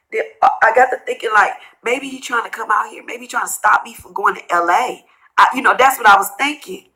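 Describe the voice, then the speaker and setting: A middle-aged woman, tearful and tired, rambling through a personal story in a vlog and quoting others in hushed asides. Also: fairly high pitch, brisk, rough recording. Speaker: vlogger telling a personal story.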